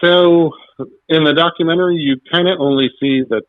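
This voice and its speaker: A man's voice: a little high, moderate pace, dry recording. A man guest on a talk show, telling stories animatedly and acting out the quotes. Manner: animated, acts out quotes with laughs. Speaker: podcast guest. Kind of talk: casual storytelling interview. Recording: dull, dry lo-fi sound.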